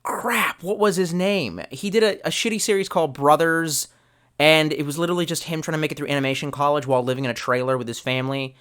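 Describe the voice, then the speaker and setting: A man's voice: a little high, fairly even intonation, fast talker, a bit bright, smooth. A young man streaming live, chatting loosely and swearing a lot, trailing off and restarting as he reads chat. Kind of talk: rambling casual stream chat.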